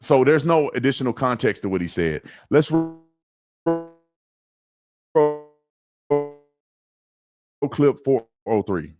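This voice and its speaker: A man's voice: mid-range voice, sing-song, takes it slowly, long pauses. A man hosting a live reaction stream, talking emphatically and repeating words as he starts each point. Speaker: host.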